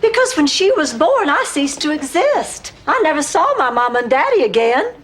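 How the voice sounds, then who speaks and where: A woman's voice: high-pitched, very animated, moderate pace, fairly bright tone. An actress playing a dramatic woman complaining, self-pityingly, about her sister in a sitcom. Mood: aggrieved. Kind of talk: sitcom acting. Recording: background noise.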